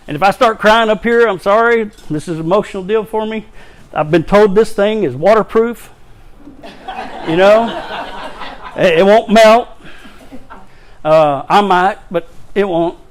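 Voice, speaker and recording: A man giving a personal share at a recovery meeting, halting and repeating words, emotional, with self-deprecating humor. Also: high voice. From Louisiana, raised in Texas. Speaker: recovery speaker.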